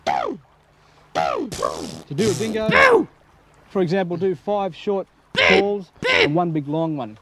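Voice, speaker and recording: A man's voice: sits high, a little fast, a crowd in the background. A man patiently explaining, step by step, how to play the didgeridoo. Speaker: didgeridoo teacher. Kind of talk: instructional demonstration.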